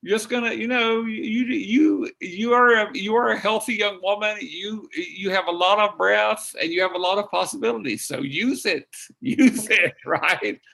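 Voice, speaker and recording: Encouraging high-voiced man coaching singers. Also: unhurried, gravelly, bright, forceful tone. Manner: encouraging, demonstrative, sings and speaks example phrases. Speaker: vocal coach and pianist. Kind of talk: virtual master class coaching. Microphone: video call.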